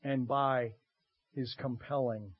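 A man preaching a sermon as pastor, expressive, moving between loud emphasis and quiet asides with dramatic pauses. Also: mid-range voice, husky. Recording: muffled lo-fi recording.

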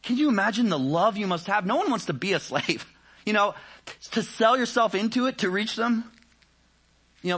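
A man delivers a sermon in a conversational style, sprinkling in "you know" often. His fairly high voice climbs with energy, then falls to quiet, searching questions.

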